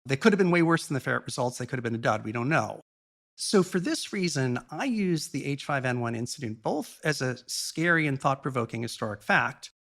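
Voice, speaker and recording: A man speaking as a podcast guest, explaining a topic in a long, measured and earnest monologue with the odd blunt aside. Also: medium pitch, lively intonation, gravelly, a bit bright.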